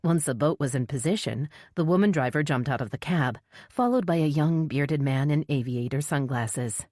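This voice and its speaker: Woman, audiobook narrator, low voice, dry close recording, scripted thriller reading. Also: normal speed, darkish tone, no echo. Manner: voices characters with raised pitch in dialogue.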